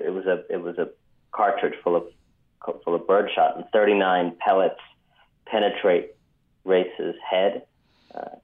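A man, an author guest on a radio interview, telling a story in a measured way with frequent ums. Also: sits low. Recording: phone-line audio.

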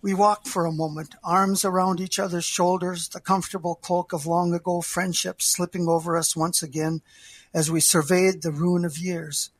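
An older man, an author, reading his memoir aloud in a measured, heartfelt way. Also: high-pitched, flat delivery, husky, no room sound.

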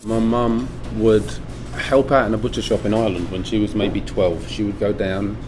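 A middle-aged Englishman who owns a butcher shop talks in a documentary interview, his voice lowish and his pace moderate. He's relaxed and reflective, with many ums and restarts, and an air conditioning hum runs in the background.

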